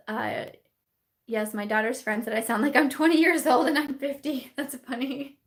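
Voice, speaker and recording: A young woman hosting a casual live-stream chat, bubbly and giggly, full of fillers and laughter as she reads viewer comments. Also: on the high side.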